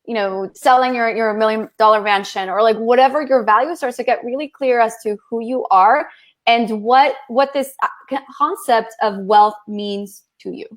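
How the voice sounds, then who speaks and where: A woman's voice: fairly high pitch, normal speed. A woman hosting a live online interview, upbeat and greeting viewers by name. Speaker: interview host.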